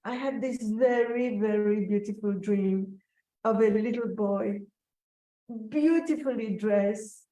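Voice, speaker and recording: A woman telling a personal story in an interview, slow, reflective and emotional. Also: medium pitch, mellow. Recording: echoey room, voice from a distance.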